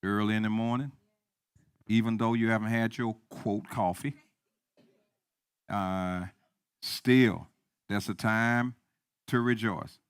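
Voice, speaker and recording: A man's voice: on the low side, fairly even intonation, takes it slowly, long pauses, smooth, no echo. Emphatic preacher man, dry close sound. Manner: repetitive, emphatic, swings from quiet to loud. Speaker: pastor. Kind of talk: sermon.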